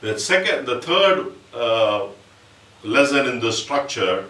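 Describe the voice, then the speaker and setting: A percussion teacher with a medium-pitched, sharp voice and big pitch swings gives a slow, patient music lesson, explaining each step and chanting rhythm syllables. It's recorded roomy and off-mic from a distance, with an instrument playing.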